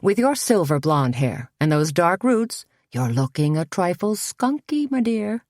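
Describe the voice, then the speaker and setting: A woman's voice: on the low side, big pitch swings, measured pace, a little mellow, no room sound, clean studio sound. Woman reading as a giddy hairdresser man who coos and gushes. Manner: cooing, giddy.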